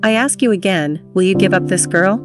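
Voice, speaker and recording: A woman's voice: mid-range voice, fairly quick, music in the background, natural voice. A woman reading the part of a stern, wealthy older father who speaks in a hard, cold, threatening way. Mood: furious.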